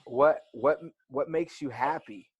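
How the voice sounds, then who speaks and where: A man in his thirties telling a story over a video call, animated and full of "like"s. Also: mid-range voice, takes it slowly, slightly rough, no echo. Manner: animated, filler-heavy storytelling with many "like"s. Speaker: interview guest, former college wrestler.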